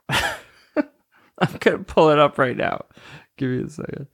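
A man's voice: fairly high pitch, huge pitch swings, slow pace, gravelly, fairly bright tone. Rambling, laughing podcast guy. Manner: rambling, laughs often, searches for names. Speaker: podcast host. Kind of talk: casual solo podcast chat.

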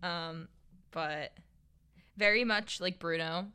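A woman's voice: on the low side, takes it slowly, pushed and bright, clean tone. A young woman co-hosting a casual podcast, gossiping and laughing often. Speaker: podcast co-host. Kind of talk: casual chat.

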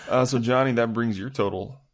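A young man co-hosting a podcast, teasing and telling deadpan jokes in casual chat. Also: mid-range voice, fairly quick. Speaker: podcast co-host.

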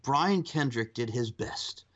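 Animated man chatting about wrestling. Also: takes it slowly, lo-fi sound. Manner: animated, laughs often, acts out quotes in a high voice. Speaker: podcast co-host. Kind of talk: casual wrestling chat.

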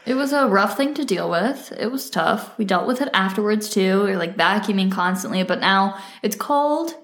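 A woman's voice: mid-range voice, animated, moderate pace, fairly bright tone. A woman in her twenties co-hosting a casual podcast, teasing and laughing often. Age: 20s. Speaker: podcast co-host. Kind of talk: casual chat. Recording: roomy echo.

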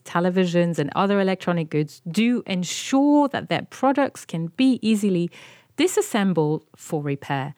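A woman with a French accent sits in the host's chair, sharing news stories in an animated, hesitant way. Her voice sits a little low. The recording is close and dry. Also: no room sound. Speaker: podcast co-host. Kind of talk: casual radio-style chat.

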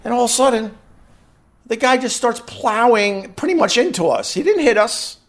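Excitable man telling a story on stream. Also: very high-pitched, moderate pace. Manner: excitable, acts out shouted quotes, frequent restarts. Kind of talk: animated casual storytelling.

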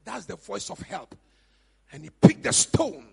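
A man with a Ghanaian accent, a pastor preaching a sermon, rising to high shouts and falling to quiet murmurs. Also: very animated, a little slow, creaky, breathy edge. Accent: Ghanaian English. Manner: preaching, shouts to a high pitch then drops to a low murmur. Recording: reverberant church hall with music behind.

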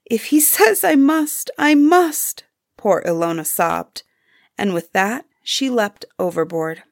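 A woman narrating a fairy tale aloud in an expressive storybook style. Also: lowish voice, dry recording, studio quality.

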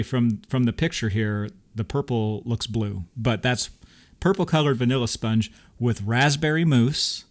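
Man, podcast co-host, casual chat, enthusiastic, chatty, middle pitch. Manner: enthusiastic, chatty, laughs often.

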